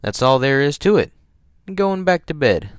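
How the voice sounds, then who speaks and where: A man's voice: big pitch swings, normal speed, clear, resonant tone, no room sound, studio quality, natural voice. A man reading a novel aloud, putting on a raised, urgent voice for a young tomboy girl. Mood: pleading. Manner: raised pitch, loud, urgent.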